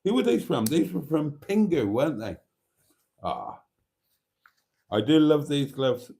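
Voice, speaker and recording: Brief: middle-aged male livestream host, unhurried delivery, cheeky and weary. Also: on the high side, big pitch swings, vocal fry, dark tone. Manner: cheeky, chatty, laughs often. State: tired. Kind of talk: casual chat reading comments.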